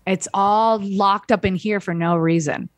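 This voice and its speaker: A young woman comedian in casual chat, telling stories with animated put-on voices for the people she quotes. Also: medium pitch, a little slow, no room sound.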